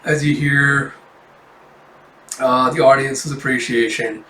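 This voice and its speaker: A man's voice: medium pitch, fairly even intonation, measured pace, sharp tone, a little hiss or hum. A young man casually reading and reviewing a manga chapter, rambling and filling gaps with "you know" and "like". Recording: roomy, distant mic.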